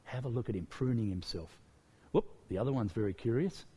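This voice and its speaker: A middle-aged man with an Australian accent presenting a children's storytime show, lively and enthusiastic with plenty of exclamations. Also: medium pitch, a little fast, breathy edge.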